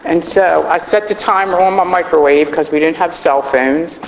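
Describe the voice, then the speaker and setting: A woman's voice: deep voice, moderate pace, a little hiss or hum. A middle-aged woman telling her own recovery story in a heartfelt, rambling way. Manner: heartfelt, rambling, choked up at times. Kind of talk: personal testimony talk. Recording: roomy hall, dull lo-fi sound.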